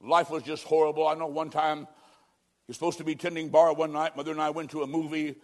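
An older man preaches in a church service with a somewhat high voice. He pleads urgently, swinging between loud outbursts and hushed near-whispers. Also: level tone, quick pace. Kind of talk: sermon testimony.

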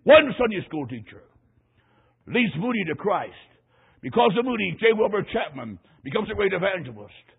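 A high-voiced, husky male preacher delivers an emphatic sermon, spinning a personal story and building to loud peaks. The sound is thin and tinny, like an old radio broadcast. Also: very animated, moderate pace.

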